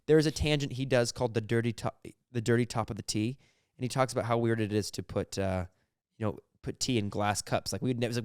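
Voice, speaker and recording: A young man co-hosting a podcast, chatting casually, rambling excitedly and laughing often. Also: medium pitch, fast talker, clean tone, no echo, clean studio sound. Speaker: podcast co-host. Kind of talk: casual chat.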